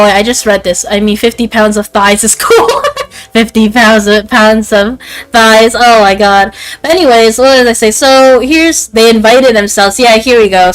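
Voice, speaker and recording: A woman's voice: high-pitched, fairly bright tone, rough recording. A woman in her twenties chatting casually on a stream, rambling and interrupting herself with lots of fillers. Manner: rambling, self-interrupting, frequent "like" and "um". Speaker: VTuber streamer.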